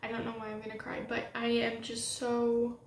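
A young woman talks her way through a makeup tutorial at home, gushing and excitable as she works. Her voice sits a little high. The room sounds roomy and echoey, with a faint ambient hum underneath. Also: normal speed. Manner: gushing and excitable, talking while applying makeup. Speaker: beauty vlogger. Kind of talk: casual makeup tutorial chat. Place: home room with setting sunlight.

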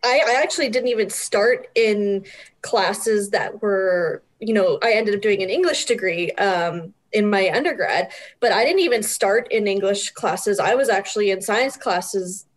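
A middle-aged woman, a guest, telling stories in an animated way and often laughing. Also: medium pitch, a little slow. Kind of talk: casual interview chat.

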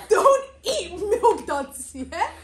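A woman's voice: extremely high pitch, big pitch swings, very slow. A young woman, chatting playfully and giggling often while taste-testing snacks for a vlog. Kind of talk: casual chat. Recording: noisy home video recording.

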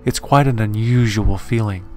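A man's voice: lowish voice, moderate pace, warm tone, faint music behind, close to an everyday voice. A man voicing a curt, irritable novelist. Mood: musing. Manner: curt and ungracious. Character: irritable male novelist who wants to be left alone.

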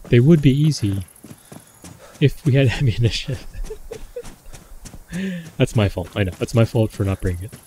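A man's voice: mid-range voice, lively intonation, moderate pace, long pauses, warm tone, slight background noise. A man giving casual running commentary while playing a survival game, talking himself through his choices. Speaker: gameplay commentator.

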